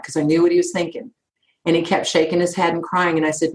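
A middle-aged woman speaks in a firm, emphatic way, stressing her points without softening them. Her voice sits a little low for a woman. The recording carries a noticeable roomy echo. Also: flat delivery, fast talker. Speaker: insurance agency owner. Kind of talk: conversational interview answers.

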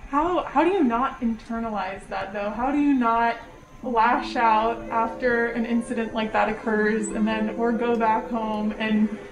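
A woman's voice: fairly high pitch, fairly even intonation, a little slow, rough recording. A woman podcast host asking thoughtful, probing questions. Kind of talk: conversational podcast hosting.

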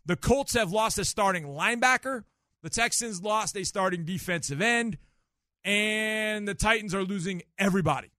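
Emphatic middle-aged male sports radio host, high and bright, dry close studio sound. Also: normal speed, dry recording. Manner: animated, emphatic, explains with examples. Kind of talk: sports talk radio call-in show. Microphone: studio microphone.

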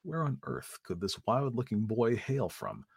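A man reading a story aloud as narrator in a measured, even manner. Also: mid-range voice, vocal fry, husky, no echo, clean studio sound.

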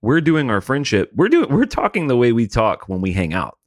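A man's voice: mid-range voice, huge pitch swings, a little fast, no echo, studio quality. A man co-hosting a podcast in casual comedic chat, easygoing, reading listener emails aloud. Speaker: podcast co-host.

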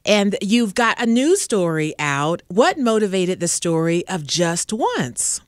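A woman's voice: lowish voice, big pitch swings, takes it slowly, no room sound. A woman co-hosting a morning radio show, reacting eagerly and asking the guest questions. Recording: dry close studio mic.

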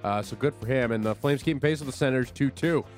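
A man's voice: mid-range voice, fast, faint music behind. A man hosting a sports radio show, recapping hockey plays in a conversational way with many fillers. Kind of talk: casual sports talk recap.

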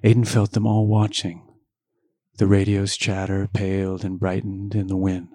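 A man's voice: deep voice, moderate pace, no room sound, clean studio sound. A man reading a novel aloud in a casual way, shifting his voice for the dialogue. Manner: reads dialogue with lively voice changes and joking asides.

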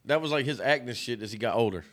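A man's voice: mid-range voice, fast talker, a bit bright. A man co-hosting a podcast, chatting casually and profanely while reviewing a movie. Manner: profane, rambling, joking. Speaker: podcast co-host.

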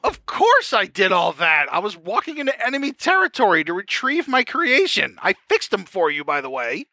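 A man's voice: high-pitched, wildly swooping pitch, moderate pace, sharp tone, no echo, pitched above the performer's own voice, exaggerated voice. A man voicing a scheming male cyborg creator in a tabletop game, talking in a dismissive, self-justifying way. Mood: smug.

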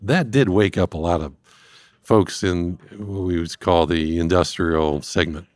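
A man speaking as a guest expert, explaining risk step by step in a measured way. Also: deep voice, a little mellow, no room sound. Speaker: industrial cybersecurity guest expert. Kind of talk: explanatory interview talk.

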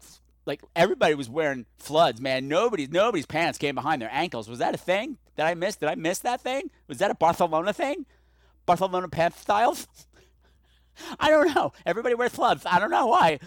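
Guy rambling a movie review on his podcast, kinda high voice, dry close mic, gets worked up. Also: brisk, dry recording. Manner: rambling and excitable, swings between muttering and yelling. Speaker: podcast host. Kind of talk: casual solo movie review. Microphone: podcast microphone.

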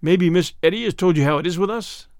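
A man's voice: sits high, fast, dry recording, clean studio sound. A man reading a story aloud, voicing a curt, swaggering young man who threatens his rival. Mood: menacing. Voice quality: curt, savage.

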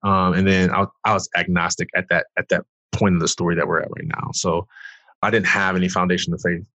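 Deep husky guy from detroit telling his testimony, dry close sound. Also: little pitch movement, a little fast, sharp tone, no room sound, lo-fi sound. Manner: earnest storyteller, rises when reliving the moment. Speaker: pastor and guest. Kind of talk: emotional personal testimony.

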